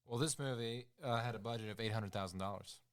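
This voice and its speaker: A man's voice: mid-range voice, fast, clean tone. A man co-hosting a podcast, laid-back, giving short reactions and reading movie facts from notes. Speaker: podcast co-host. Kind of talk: casual chat.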